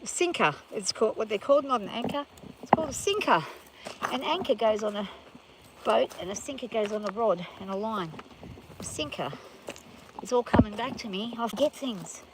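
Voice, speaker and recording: A woman's voice: a little high, normal speed. Tired, anxious woman outdoors. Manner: anxious, talking herself through it. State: exhausted and overheated. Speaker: farm vlogger. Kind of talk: casual self-filmed chat while walking. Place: outdoors on hot rough ground. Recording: loud outdoor background noise.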